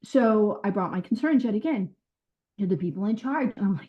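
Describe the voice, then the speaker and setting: A woman who was a caseworker, telling her experiences in an interview in an earnest, animated way with quoted dialogue. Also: medium pitch, a little fast. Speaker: former caseworker. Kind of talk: recounting stories in an interview. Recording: dull lo-fi sound.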